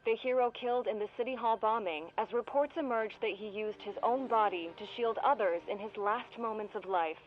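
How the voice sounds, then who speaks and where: A woman's voice: on the high side, a little fast, hardly any pauses, lightly acted. An actress playing a female TV news anchor who reads a report in a formal delivery. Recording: dull TV broadcast audio.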